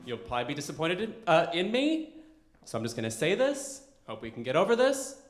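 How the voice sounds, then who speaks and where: A male stand-up comedian with a flamboyant, quick, auctioneer-like delivery. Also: fairly high pitch, wildly swooping pitch, reverberant. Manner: quick, flamboyant, self-described effeminate auctioneer energy. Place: comedy club stage.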